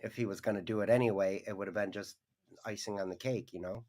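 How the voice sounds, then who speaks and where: A man's voice: fairly low pitch, steady tone, quick pace, a little mellow. Chatty man who laughs a lot. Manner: laughs often, goes off on tangents. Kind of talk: casual chat.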